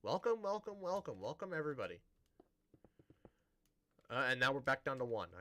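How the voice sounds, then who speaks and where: A man's voice: mid-range voice, big pitch swings, normal speed, bright, forceful tone. A man streaming a building game, chatting casually to viewers in a rambling, self-interrupting way with a dry, sarcastic-sounding tone.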